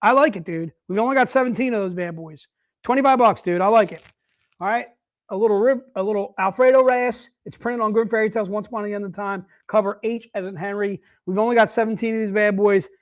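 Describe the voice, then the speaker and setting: A man's voice: sits high, fast talker. A man hosting a live sales stream, chatting casually and upbeat, calling everyone "dude.". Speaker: livestream sales host.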